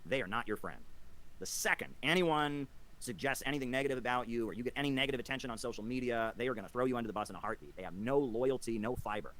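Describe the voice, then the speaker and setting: A man's voice: medium pitch, lively intonation, fast talker, fairly bright tone, rough recording. A man giving a scornful, lecturing rant in a video commentary. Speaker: political commentator.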